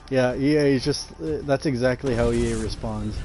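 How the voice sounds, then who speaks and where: A man's voice: medium pitch, darkish tone. A man live-streaming a video game, swearing freely, laughing often and breaking into exasperated rants. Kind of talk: casual gameplay commentary.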